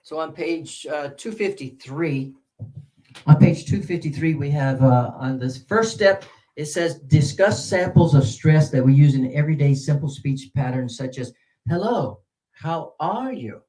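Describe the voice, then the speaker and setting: A man leading a teaching seminar, animated and demonstrative, with sudden jumps in pitch. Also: measured pace. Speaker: teacher trainer. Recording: roomy echo.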